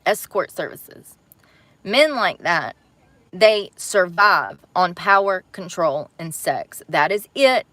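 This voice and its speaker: A woman's voice: mid-range voice, pushed and bright, no echo. A woman hosting a livestream, talking bluntly and angrily to her viewers, with plenty of cursing. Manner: blunt, heated and profane, talks straight to viewers. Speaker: livestream host. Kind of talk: angry livestream rant.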